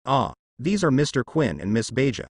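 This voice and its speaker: A polite, eager little robot girl from a storybook, as a male narrator reads her lines. The delivery is lively and close, with a dry sound. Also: medium pitch, moderate pace, slightly rough, no room sound. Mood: chirpy.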